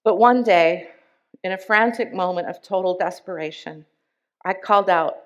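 A woman speaking at a church service, reading a member's testimony aloud in an earnest, deliberate way with emphatic pauses. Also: on the low side, muffled recording.

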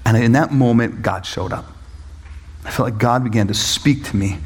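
Man preaching, animated storyteller, acts out voices, laughs often, long hall reverb. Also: moderate pace, husky. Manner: animated storytelling, acts out voices, jumps high when excited. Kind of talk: sermon.

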